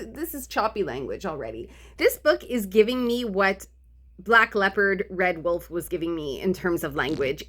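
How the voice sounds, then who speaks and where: A woman's voice: medium pitch, fairly bright tone. A woman book vlogger venting her frustration in a casual, profane rant, laughing between complaints. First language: English.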